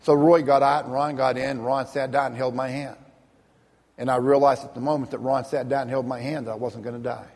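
A middle-aged man relates his personal testimony earnestly and without ornament, occasionally repeating words when moved. His mid-range voice is level and darkish, a little fast, with a long reverb tail.

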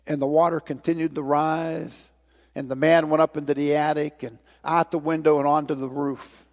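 A preacher telling a story in his sermon, drawing out the phrases, his voice a bit high for a man. A long reverb trails behind him in a large hall. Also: flat delivery, moderate pace, darkish tone. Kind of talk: sermon with a told joke.

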